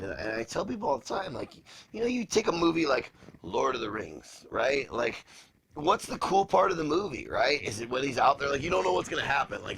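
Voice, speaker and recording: A man's voice: mid-range voice, creaky, background noise. A man co-hosting a podcast in casual chat, rambling and swearing, with many fillers. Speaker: podcast co-host.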